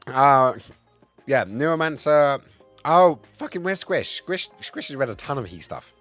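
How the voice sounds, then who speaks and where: A man streaming live in casual chat, a bit tipsy, excitable and swearing, swinging between loud outbursts and low mumbles. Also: measured pace, soft background music. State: tipsy from cider.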